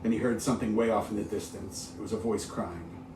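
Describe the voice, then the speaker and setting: A low, mellow male storyteller reads a spooky tale with dramatic flair and spoken sound effects. The voice lands from a distance in a roomy space. A faint hiss runs underneath. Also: fairly even intonation, fairly quick. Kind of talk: read-aloud ghost story.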